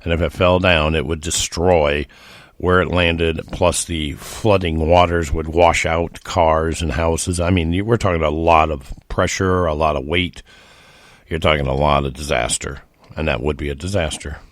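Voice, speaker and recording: Low-voiced folksy American man. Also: fairly even intonation, moderate pace, dry recording, clean studio sound. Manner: folksy and rambling, with many restarts. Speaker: podcast host. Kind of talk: casual storytelling monologue.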